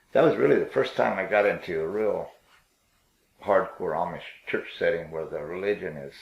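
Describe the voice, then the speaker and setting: An older man telling his life story in a rambling, halting way, with many fillers and restarts. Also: deep voice, roomy sound, poor audio. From Pennsylvania.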